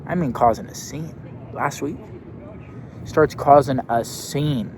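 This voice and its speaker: A brash young man rants through a casual story, swaggering and swearing freely. His voice sits at an ordinary pitch, with faint traffic noise in the background outdoors. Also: slow, a little mellow. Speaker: youth basketball coach.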